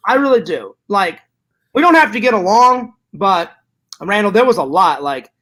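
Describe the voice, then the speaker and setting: A man with a high-pitched voice rambles through stories and apologies in casual podcast talk. He stops and restarts often, leaning on fillers as he goes. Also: sing-song, fairly bright tone. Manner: rambling, halting storytelling with many fillers. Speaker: podcast co-host. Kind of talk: casual chat.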